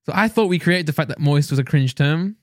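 A man's voice: a little high, lively intonation, brisk, no echo, studio quality. A man co-hosting a podcast in casual chat, rambling through stories, laughing often and slipping into silly voices. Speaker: podcast co-host.

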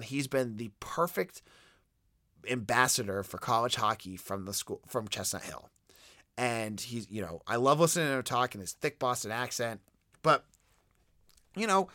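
A young adult man hosting a solo sports podcast, talking in an animated, conversational way with frequent restarts. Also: medium pitch, dry recording, clean studio sound. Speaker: podcast host.

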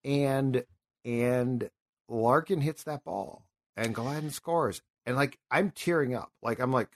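A man in his fifties hosts sports talk radio at a middle pitch, and his talk rambles from one story to the next. He grows impassioned and emotional as he goes. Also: slow. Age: 50s.

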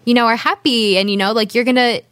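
A woman's voice: a little high, steady tone, fast talker, a bit bright, dry recording. A young woman guest-hosting a casual radio chat, talking loosely with many "like"s and "you know"s, recorded in a studio. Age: young adult. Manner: casual, heavy use of "like". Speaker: intern guest host.

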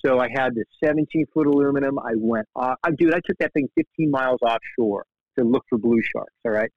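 A middle-aged man spins a casual, rambling story, jumping in pitch whenever he quotes someone. His voice sits at an ordinary middle pitch, recorded dry and close with a slightly muffled, dull tone. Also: a little fast, no room sound. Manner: animated, restarts often, quotes people in lively voices. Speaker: guest, shark fly fisherman.

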